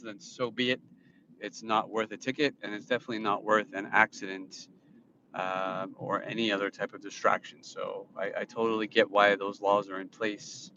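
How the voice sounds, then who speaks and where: A man's voice: lowish voice, background noise. A man with a New Jersey accent chatting casually on a live stream while he drives, rambling as he answers viewer comments. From New Jersey, USA. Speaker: livestream host. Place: inside a car while driving. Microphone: phone in a dashboard stand. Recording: dull lo-fi phone audio in a dry car.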